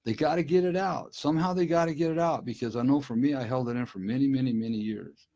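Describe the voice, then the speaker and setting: A man's voice: medium pitch, fast, dark tone. A middle-aged man speaking earnestly and directly to listeners on a casual live stream from his desk at home. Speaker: recovery speaker.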